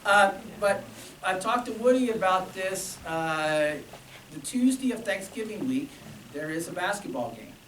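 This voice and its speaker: A man's voice: high voice, animated, unhurried, fairly bright tone. A man, a band director, talking casually to alumni, chatty and telling stories with quoted dialogue. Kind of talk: informal speech to alumni. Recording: echoey room from far off, with noise.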